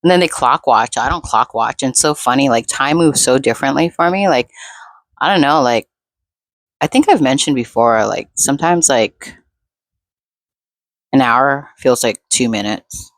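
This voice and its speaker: Chill woman rambling into the camera, low voice, dry close sound. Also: normal speed, dry recording. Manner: laid-back, rambling, lots of fillers. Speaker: vlogger. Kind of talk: unscripted rambling monologue.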